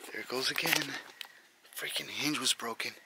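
Scared young guy vlogging outside at night, breathless and hushed, noisy camera mic with cars going by. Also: medium pitch, normal speed, vocal fry. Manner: frightened, breathless, hushed and jittery. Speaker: ghost-hunting vlogger. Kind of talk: tense casual vlog narration. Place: outdoors at night by his car. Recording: noisy outdoor camera audio.

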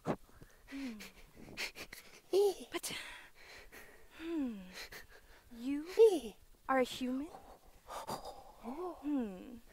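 A woman's voice: sits high, drawn-out words, pauses often, darkish tone, slight background noise, pitched below the performer's own voice, full character voice. A woman voicing a haughty, cruel queen who mocks and cackles. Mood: scornful. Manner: cackling, scornful, draws out words. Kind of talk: audio drama acting.

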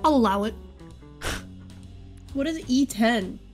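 A woman's voice: on the high side, lively intonation, takes it slowly, faint music behind. Brash, playful woman gamer. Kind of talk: casual voice chat while gaming.

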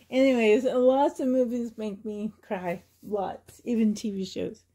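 A woman's voice: a little high, fairly even intonation, takes it slowly, dark tone, husky. A woman from Canada vlogging in a chatty, rambling way, often laughing and getting emotional. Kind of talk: casual chatty tag video.

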